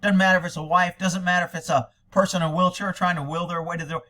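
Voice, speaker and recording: Man, American accent, high bright voice, angry ranting commentary. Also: steady tone, fast talker. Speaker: commentator reacting to police video.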